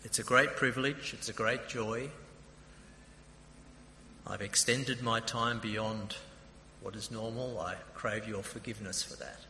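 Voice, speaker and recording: A man's voice: fairly low pitch, steady tone, a little slow, pauses often, bright, forceful tone. An Australian man preaching a sermon in a conversational, anecdotal way, as principal of a theological college. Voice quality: introverted by nature. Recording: echoey hall with long reverb, faint noise.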